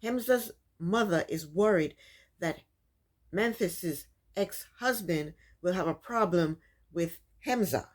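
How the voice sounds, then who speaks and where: A woman's voice: lowish voice, slow pace. A woman casually recapping a reality TV episode, opinionated and repetitive, with frequent ums. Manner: opinionated, many ums, repeats points.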